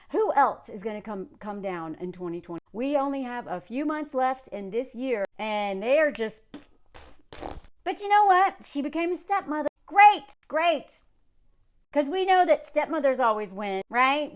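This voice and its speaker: A woman in her thirties rants in a casual commentary vlog, her high voice full of sarcasm. She rambles, restarts, and leans on fillers as she talks. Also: expressive, normal speed. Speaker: commentary creator.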